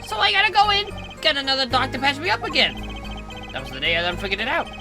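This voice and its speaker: A woman's voice: high-pitched, very animated, fast talker, voice pushed up. A woman voicing a brash young male street tough who talks in boastful slang, reading a game script aloud. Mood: swaggering. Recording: game music playing behind.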